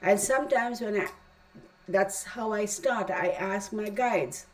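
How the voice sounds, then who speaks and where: Middle-aged woman tarot reader, mid-pitched, talky and rambling, firm advice. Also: slow, rough recording. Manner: chatty and rambling, emphatic asides. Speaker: tarot reader teaching a class. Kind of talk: casual spoken class.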